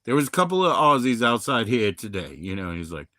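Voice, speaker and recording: A man from Maryland, in middle age, hosting a rambling, profane livestream chat that swings from loud bursts to low mumbles. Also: very animated, fast, no room sound, clean studio sound. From Maryland, USA. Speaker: livestream host.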